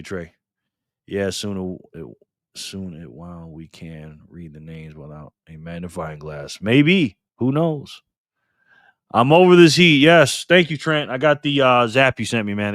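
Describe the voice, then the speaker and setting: A man's voice: fairly low pitch, a bit bright, no room sound, studio quality. Upbeat man greeting his live chat. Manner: upbeat, reads chat names aloud with quick thanks. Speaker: live stream host. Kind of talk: casual live-stream chat, greeting viewers.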